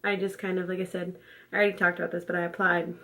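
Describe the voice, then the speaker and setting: A young woman chatting casually on her vlog, talkative and quick to laugh. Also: fairly low pitch, flat delivery, bright, forceful tone, slight background noise. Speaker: vlogger. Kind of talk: casual chat.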